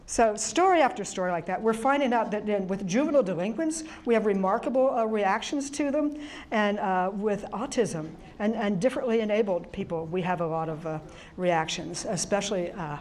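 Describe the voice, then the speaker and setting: Woman, middle-aged, lively anecdotal presenter, casual restarts. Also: medium pitch, a little fast. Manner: chatty, animated storyteller with many restarts and laughs. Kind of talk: conference presentation storytelling. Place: presentation room with audience.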